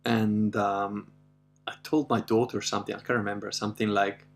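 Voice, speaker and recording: A man's voice: on the low side, flat delivery, moderate pace, vocal fry. A middle-aged man hosting a casual livestream, rambling through stories with frequent laughs and reading viewer comments. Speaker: host.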